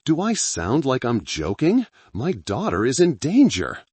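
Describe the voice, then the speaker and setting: A man's voice: fairly low pitch, huge pitch swings, moderate pace, breathy edge, dry recording, full character voice. A man voicing a desperate middle-aged father who is a doctor, speaking urgently and insistently.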